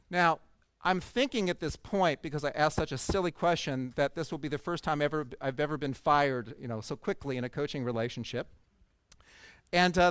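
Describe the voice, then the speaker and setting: A man's voice: high-pitched, fairly bright tone, clean tone, dry recording. A man giving a conference talk, telling a personal story with humor and self-deprecating asides to an audience. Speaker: speaker at a coaching conference. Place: conference stage.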